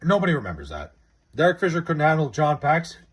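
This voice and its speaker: A man's voice: a little high, huge pitch swings, fast talker, husky. A man streaming live, chatting casually with his viewers, rambling and swearing freely as he argues about sports. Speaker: live streamer reading chat.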